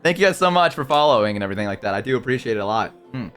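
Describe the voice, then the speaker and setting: A man chatting on a live stream, mid-range in pitch, loose and rambling, breaking off to answer chat. He talks into a desk microphone with faint music running underneath. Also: expressive, racing, a bit bright.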